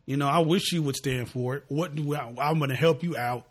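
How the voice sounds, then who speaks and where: A man co-hosting a podcast in relaxed, conversational casual chat, often quoting his own reactions. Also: a little high, brisk, slightly rough. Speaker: podcast co-host.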